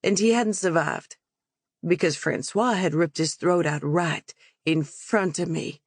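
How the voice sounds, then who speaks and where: A female audiobook narrator reading in the first person at a slow, unhurried pace. Her delivery is calm and even, and the dry, close sound has no room echo. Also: on the low side, breathy edge.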